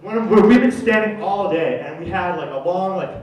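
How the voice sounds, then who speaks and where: A young man doing stand-up, telling a rambling, slangy story and loudly acting out the people in it. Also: sits high, lively intonation, moderate pace, a little hiss or hum. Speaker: stand-up comedian. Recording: echoey room from far off.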